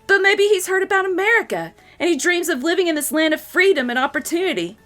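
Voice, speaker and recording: A cheeky six-year-old cartoon boy, sarcastic and full of imagination, as a woman puts him on while reading aloud. His voice sits high and bright and leaps about with excitement. It is a storybook-style read of comic-strip dialogue. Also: fast talker, soft background music.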